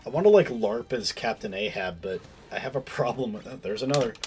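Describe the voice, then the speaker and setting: A man's voice: mid-range voice, a little fast, darkish tone, slightly rough, soft background music. A man streaming a game, chatting casually in a rambling way, often stopping and restarting his sentences. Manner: rambling, self-interrupting, many fillers. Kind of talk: casual stream chat while gaming.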